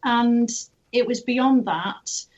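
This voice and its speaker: A woman's voice: fairly high pitch, very slow. A woman guest, a clairvoyant, telling her story in a chatty, explaining way. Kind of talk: casual interview answers. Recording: lo-fi remote audio.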